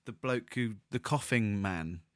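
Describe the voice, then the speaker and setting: A man's voice: fairly low pitch, a little slow, dry recording, studio quality. A man co-hosting a casual podcast, running a quiz and joking around. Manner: teasing, jokey quizmaster. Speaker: podcast co-host.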